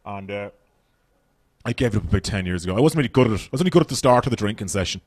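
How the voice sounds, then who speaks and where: Fast-talking Irish man doing stand-up. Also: lowish voice, no room sound. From Ireland. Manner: chatty, swearing, animated storytelling. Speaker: stand-up comedian. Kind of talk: stand-up comedy set. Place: comedy club stage with audience.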